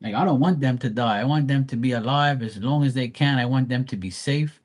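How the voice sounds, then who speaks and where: A man's voice: mid-range voice, fairly quick. A middle-aged man hosting a live stream from home, ranting casually and profanely about his worrying parents. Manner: exasperated, profane, animated storytelling. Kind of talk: casual rant to viewers. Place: at home by a running dryer.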